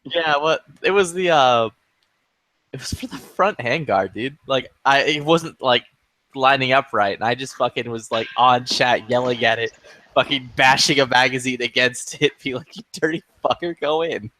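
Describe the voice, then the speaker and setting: Bright, profane storytelling man. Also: medium pitch, moderate pace, no echo. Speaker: gamer in voice chat. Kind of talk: casual chat.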